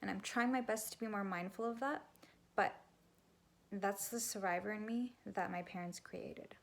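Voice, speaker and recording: A woman's voice: mid-range voice, normal speed, vocal fry. A young woman talking bluntly and candidly to camera, swearing freely and sometimes dropping to a whisper. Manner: raw and blunt, swears, drops to a whisper at times. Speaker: vlogger and spiritual coach. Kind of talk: candid confessional talk to camera.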